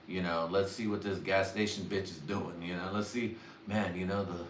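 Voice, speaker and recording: A low voice with little pitch movement carries his rambling, foul-mouthed livestream comedy at normal speed, punctuated by laughter at his own jokes. Recorded roomy and away from the mic, it has faint ambience plus a little hiss or hum.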